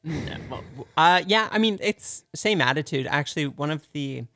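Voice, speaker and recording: A man co-hosting a radio show in a studio, talking casually and thoughtfully, pausing often with ums. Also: on the high side, expressive, pushed and bright, dry recording. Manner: hesitant, many ums, thoughtful. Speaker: radio co-host.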